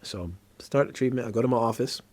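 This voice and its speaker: A mid-range male voice, fast-paced and dry-sounding, belongs to a psychiatrist host. He explains a treatment in easy conversation, recounts experiences from his practice, and becomes animated when dramatizing scenes.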